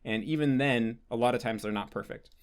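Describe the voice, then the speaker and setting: An American man speaks at an ordinary middle pitch in a loose, unscripted Q&A. He thinks out loud, piling on fillers and restarting his sentences as he goes. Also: brisk, clean tone. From United States. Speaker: host answering patron questions. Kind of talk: casual Q&A monologue.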